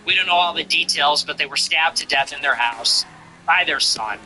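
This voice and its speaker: A man's voice: on the high side, normal speed, pushed and bright, a little hiss or hum, low-quality recording. A man giving blunt, profane, mocking casual political commentary.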